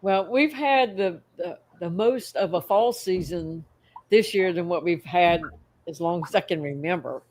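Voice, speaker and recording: A woman's voice: on the low side, a little slow, darkish tone, a little hiss or hum. A woman co-hosting a casual livestream, easygoing, laughing between her words. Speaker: co-host of a fish-keeping livestream. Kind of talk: casual chat.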